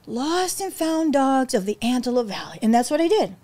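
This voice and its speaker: A woman's voice: sing-song, warm tone. A woman guest telling stories in an interview, acting out quotes with big swings in her voice. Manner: acts out quotes with big pitch jumps, emotional, fast restarts. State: near tears. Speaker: podcast guest, rescue founder. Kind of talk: animated storytelling in conversation.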